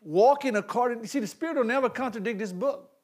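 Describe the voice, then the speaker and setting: A man preaches a sermon very fast in a very high-pitched voice, swinging between loud, animated calls and hushed asides, laughing between points.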